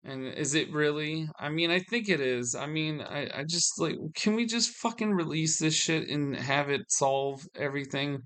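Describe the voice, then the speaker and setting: A man's voice: on the high side, normal speed, hardly any pauses, fairly bright tone, smooth. A man venting to his audience in a solo video, weary and frustrated, often restarting his sentences. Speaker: vlogger.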